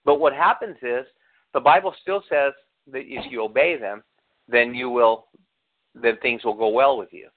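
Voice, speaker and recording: A man's voice: mid-range voice, normal speed. A male pastor preaches in a conversational, storytelling way. He acts out the people in his stories and puts questions to his listeners. The sound is thin and tinny, like a phone line. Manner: storytelling, acts out quotes, asks the congregation questions. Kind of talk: sermon.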